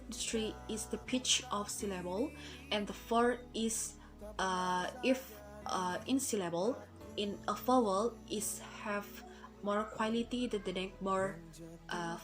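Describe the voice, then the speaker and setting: Slow, hesitant young woman student. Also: mid-range voice, rough recording. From Indonesia. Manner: hesitant, with many fillers and restarts. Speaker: student presenter. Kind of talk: recorded class presentation. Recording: background music.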